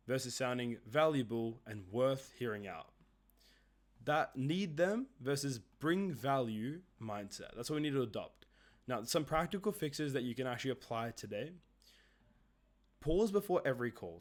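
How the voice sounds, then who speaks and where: A man teaching a relaxed, conversational lesson on making sales calls. His pitch sits in the middle range. He explains points in a loose, chatty way and often ends them with a quick "right?" or "okay?". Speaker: sales coach.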